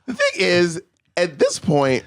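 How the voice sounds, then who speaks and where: Expressive man telling stories on a podcast. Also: high-pitched, slow. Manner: chatty, storytelling, agreeable. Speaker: podcast co-host or guest. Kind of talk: casual podcast chat.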